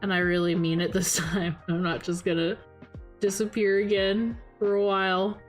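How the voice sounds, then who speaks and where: A woman VTuber streamer chatting casually, animated and tipsy, gushing like a fangirl and swearing freely. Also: mid-range voice, normal speed, faint music behind. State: tired and a little tipsy.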